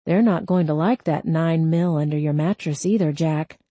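A woman voicing a calm, hard-nosed male police officer in an audiobook, speaking coolly with quiet menace. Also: deep voice, dry recording. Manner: cool, slow, quietly threatening. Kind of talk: audiobook character voice.

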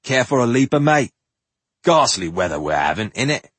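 A man's voice: mid-range voice, sing-song, normal speed, a bit bright, husky, dry recording. A man voicing a brash American teenage boy who fakes a Cockney accent with cheeky swagger. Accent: put-on Cockney. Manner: cheeky, mock-British swagger.

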